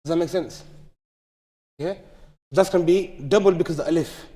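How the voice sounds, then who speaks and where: A man's voice: fairly high pitch, moderate pace, warm tone. A man teaching recitation rules in a live class, explaining step by step and checking that students follow. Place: large mosque hall. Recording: long hall reverb.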